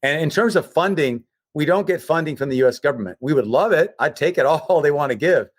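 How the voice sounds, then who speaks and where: A man's voice: a little high, animated, fairly quick, dry recording. A man on a remote call, telling personal stories earnestly with repeated emphatic phrases. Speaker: guest, humanitarian relief leader. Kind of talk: emotional personal storytelling.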